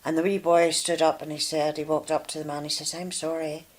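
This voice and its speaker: A woman's voice: sits low, little pitch movement, quick pace, poor audio. A woman, co-hosting a casual chat and telling a story with lots of fillers. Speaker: co-host.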